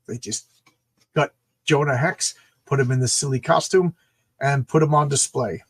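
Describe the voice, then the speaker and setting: A man co-hosting a comic book show, chatting excitably about a comic with many stammered restarts. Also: medium pitch, normal speed, slightly rough. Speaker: comic book podcast co-host. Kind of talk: casual comic review chat.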